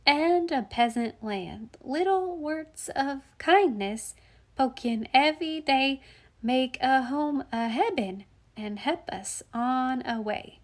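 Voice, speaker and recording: A woman voicing a small boy who recites a verse slowly in a baby voice, stressing the wrong words. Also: sits high, animated, voice pushed up. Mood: proud. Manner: slow, emphasis on the wrong words. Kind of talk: audiobook reading.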